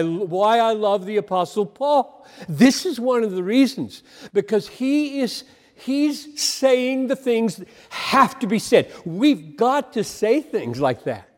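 An older man preaches with an earnest, emphatic voice that sits high for a man. He halts and repeats words as he presses his point. The sound rings with a long hall echo. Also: expressive. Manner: earnest, emphatic, with halting repetitions. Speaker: pastor. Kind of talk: sermon.

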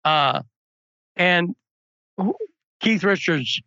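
A man's voice: sits high, drawn-out words, sharp tone, no room sound, muffled recording. A man hosting a political talk show, chatting casually and telling anecdotes. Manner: chatty, storytelling asides.

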